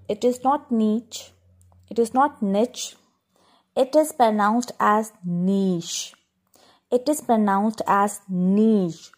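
A woman teaching schoolchildren how to pronounce words, spelling each one out letter by letter and repeating it with a patient, instructive manner. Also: a little high. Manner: instructive, addresses class directly. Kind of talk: pronunciation lesson for schoolchildren.

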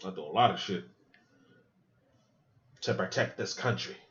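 A man's voice: low-pitched, unhurried, muffled recording. A man hosting a podcast, talking casually and with profanity as he reacts aloud to a movie. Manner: animated, profane, thinks aloud with asides. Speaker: podcast host watching a movie.

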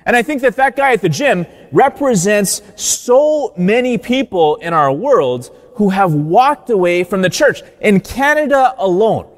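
A man's voice: high-pitched, long reverb tail. A man, a Catholic priest, giving a sermon in a conversational storytelling way.

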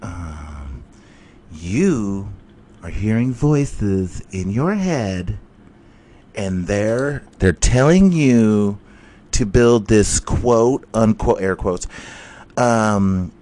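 A man's voice: mid-range voice, very animated, takes it slowly, darkish tone, a little hiss or hum, voice pushed up. A man voicing a skeptical, exasperated wife who sarcastically questions her husband. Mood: incredulous. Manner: incredulous, sarcastic.

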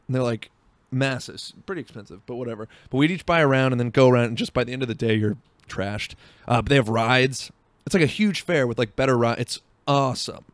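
A young man rambles through a story for his podcast, swearing freely and leaning on fillers as he talks from behind the wheel. His voice sits at an ordinary pitch and sounds close and dry, with no room echo. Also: clean tone. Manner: rambling, profane, lots of fillers. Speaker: podcast host. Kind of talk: casual storytelling monologue.

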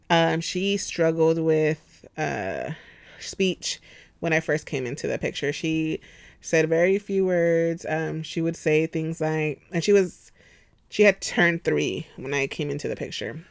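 A woman in her thirties hosting a podcast at home, chatty and expressive, laughing often. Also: sits low, measured pace, vocal fry, no room sound. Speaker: podcast host. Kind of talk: casual chat.

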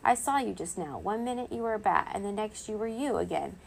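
A woman's voice: mid-range voice, lively intonation, a little fast, vocal fry, slight background noise. A woman voicing a bold, bossy young girl in a children's storybook, pushy and sure of herself. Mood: accusing. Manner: pushy, confident.

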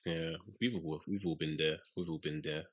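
A man's voice: extremely low pitch, normal speed, breathy edge, no echo, highs cut off. A young man, co-hosting a casual chat and telling a story with lots of acted-out quotes and laughter. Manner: animated storyteller, acts out quotes, laughs often. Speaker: podcast co-host.

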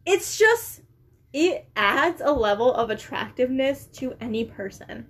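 A woman's voice: high voice, big pitch swings, measured pace, slightly rough. A young American woman chatting casually with a friend, often trailing off mid-thought. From United States. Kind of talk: casual chat.

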